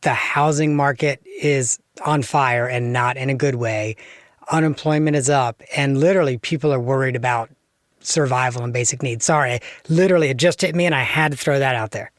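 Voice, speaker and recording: A man hosting a podcast, cutting in quickly with apologies and then asking reflective questions. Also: medium pitch, dry recording, clean studio sound. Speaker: podcast host. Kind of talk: interview.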